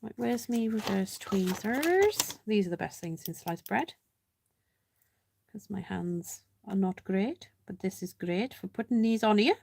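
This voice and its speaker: A woman leads a relaxed live card-making session, talking through each step at an unhurried pace. Her voice has a gravelly, creaky edge, and she keeps up a self-mocking running chat, greeting viewers by name as she goes. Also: medium pitch, a little hiss or hum. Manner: chatty, self-mocking, thinks aloud while working. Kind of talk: casual live craft demonstration.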